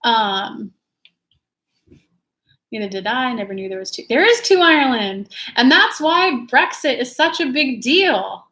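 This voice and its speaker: Young cali woman just chatting on her livestream, kinda high voice, rambly and giggly. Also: sing-song, unhurried, bright, forceful tone. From California. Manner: chatty, rambling, laughs often. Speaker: livestream host, tarot reader. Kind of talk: casual livestream chat.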